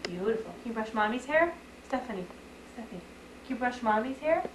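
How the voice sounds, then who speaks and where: A woman's voice: on the high side, lively intonation, a little fast, echoey room, very noisy. A mother filming her toddler at home on a camcorder, coaxing her with playful, sing-song prompts she repeats. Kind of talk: home video chat with a toddler. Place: family home, indoors. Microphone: camcorder microphone.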